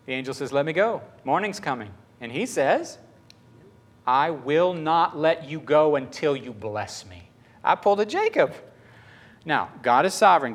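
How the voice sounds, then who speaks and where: A man's voice: a little high, fairly bright tone. A man preaching a sermon in a conversational, emphatic way.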